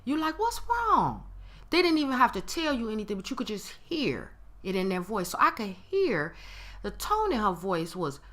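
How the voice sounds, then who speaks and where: Animated, bright-voiced woman in her forties. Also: normal speed. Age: 40s. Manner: animated, acts out quoted voices with big pitch jumps; conversational with frequent restarts and okay tags. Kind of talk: personal storytelling talk.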